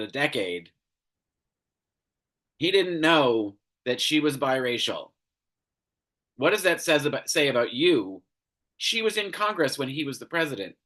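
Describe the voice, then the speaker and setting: A man's voice: fairly high pitch, bright, forceful tone. A man hosting a commentary show, ranting angrily with lots of swearing and exasperation. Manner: angry, profane, exasperated.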